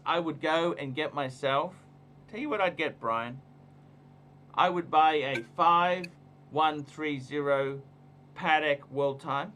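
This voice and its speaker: A man's voice: fairly high pitch, slow pace, sharp tone, slight background noise. A man hosting a casual livestream, giving emphatic, repetitive, ranting advice. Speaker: livestream host.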